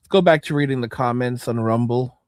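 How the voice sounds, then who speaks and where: A man hosting a casual livestream, reading chat comments and reacting, cursing and repeating himself, with frequent throat clearing. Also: medium pitch, brisk, no room sound, clean studio sound.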